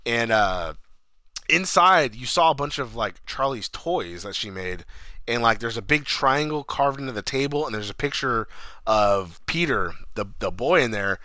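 A man casually recapping a horror movie on a remote call, rambling with many fillers and acting out the characters in quick voices. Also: medium pitch, animated, bright, forceful tone, no room sound. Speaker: podcast co-host.

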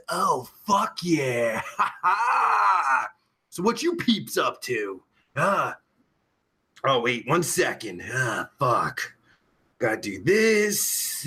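A man hosting a live stream in crude, rowdy casual chat, shouting greetings to his viewers and sounding tired. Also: high-pitched, very animated, takes it slowly, husky.

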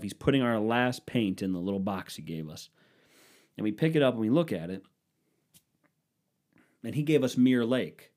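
A man's voice: on the low side, warm tone. A man from the Cleveland area riffing in a casual, profane, sarcastic monologue. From Cleveland, Ohio area.

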